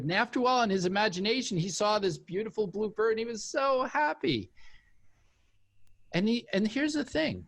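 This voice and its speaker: Speaking briskly in a high voice, a male interview guest recounts a personal story casually, acting out the other people's voices as he goes. He's an author and former cult member with an animated storytelling style.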